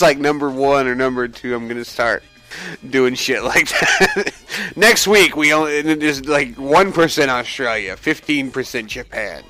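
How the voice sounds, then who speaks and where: A man's voice: mid-range voice, fairly bright tone. Man, podcast co-host, casual chat, boastful joking, faint background music. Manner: jokey, boastful trash talk.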